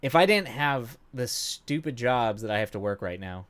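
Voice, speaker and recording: Gaming at home at night, a thirtysomething man streams and chats casually with his viewers in a medium, slightly bright voice. He's animated and moderately paced, rambling along with self-deprecating remarks, plenty of fillers and idle humming.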